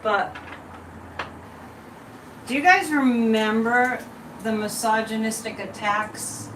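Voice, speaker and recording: A woman's voice: a little high, slow, far from the mic, noisy background. A woman psychic hosting a casual livestream card and tea leaf reading, chatting and rambling straight to her viewers. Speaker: psychic reader and channel host. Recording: roomy sound from away from the mic.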